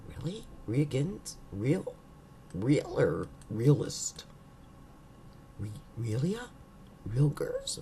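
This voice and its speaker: A woman's voice: rumbling low, dark tone, slight background noise. A woman hosting an astrology video, talking casually to her viewers and playfully running through a long list of words with musing asides. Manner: playful, drawn-out word listing with musing asides.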